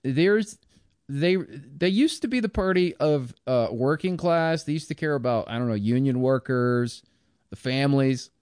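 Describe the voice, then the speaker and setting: A man's voice: medium pitch, animated, measured pace, a little mellow, clean tone, no room sound, studio quality. A man giving a blunt, scornful, rambling political commentary monologue.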